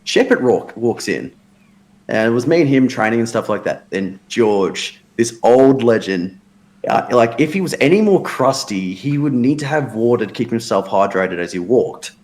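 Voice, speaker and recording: A man's voice: mid-range voice, sing-song, moderate pace, darkish tone. A tired man, telling crude, joking stories in casual chat. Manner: joking storyteller, crude banter. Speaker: show regular, wrestler.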